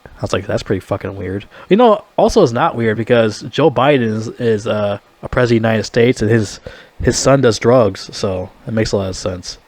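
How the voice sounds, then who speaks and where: A man's voice: medium pitch, animated, brisk, darkish tone, dry recording. A young man giving a casual movie review, rambling, blunt and full of swearing. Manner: rambling, heavily profane, blunt.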